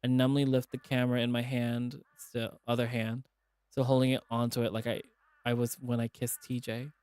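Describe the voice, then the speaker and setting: A man's voice: medium pitch, normal speed, clean tone, no room sound. A man streaming as he reads a visual novel aloud and voices its characters in a dramatic way. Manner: dramatic reading, animated asides.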